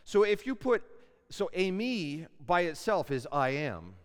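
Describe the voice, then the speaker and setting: A man with a fairly high, smooth, resonant voice teaches a class in a lecture hall. He talks in a loose, conversational way and often turns to ask his listeners questions. His voice rings with long reverb from the room. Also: sing-song, measured pace. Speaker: Bible lecturer.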